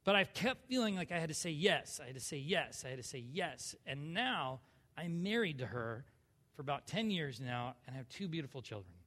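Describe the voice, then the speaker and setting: A man in his thirties from southern California, telling his personal story in a sermon, swinging from hushed to loud. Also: fairly high pitch, sing-song, normal speed, long reverb tail. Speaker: church speaker sharing testimony.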